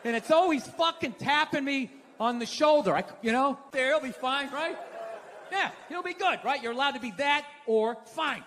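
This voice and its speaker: A male stand-up comic on stage, ranting in a very high, sharp, forceful voice. He swears freely and sounds exasperated and animated as he builds his bit. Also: normal speed. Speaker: stand-up comedian. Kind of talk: stand-up comedy routine.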